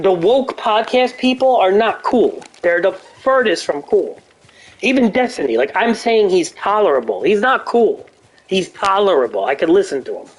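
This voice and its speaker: An older man talks casually over a game stream, blunt and profane, rambling from point to point. His mid-pitched voice is slightly husky and moves lively up and down. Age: older adult. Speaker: gaming streamer. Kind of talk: casual chat over gameplay.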